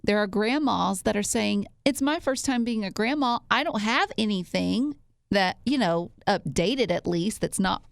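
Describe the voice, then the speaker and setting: Female co-host, lively intonation, chatty, dry studio sound. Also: medium pitch, unhurried, vocal fry, no room sound. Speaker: radio show co-host. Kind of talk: casual chat.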